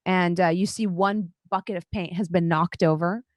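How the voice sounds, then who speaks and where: A woman's voice: fairly low pitch, fairly even intonation, normal speed, no echo, studio quality. A woman game master narrating a tabletop role-playing game in a casual, descriptive way, with plenty of fillers. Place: home, online session.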